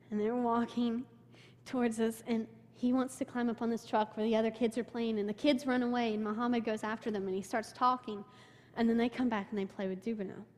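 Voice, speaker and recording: A woman's voice: a little high, darkish tone. A young woman telling a congregation about a mission trip, storytelling with feeling and quoting the people she met. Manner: emotional storytelling, quotes people in her own voice. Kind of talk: personal testimony to a church. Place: church sanctuary. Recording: long hall reverb.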